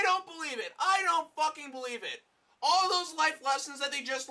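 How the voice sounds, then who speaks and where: A man's voice: extremely high pitch, lively intonation, moderate pace. A man ranting through a comedic film review, profane and exasperated. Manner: profane, exasperated, shouting outbursts.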